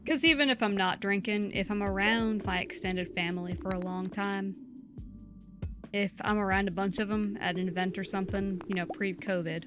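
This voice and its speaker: A woman's voice: medium pitch, steady tone, moderate pace, over music. Chatty woman with a Southern US accent. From southern United States. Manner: chatty and rambling, reading chat aloud. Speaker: co-host of a game livestream. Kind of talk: casual livestream chat.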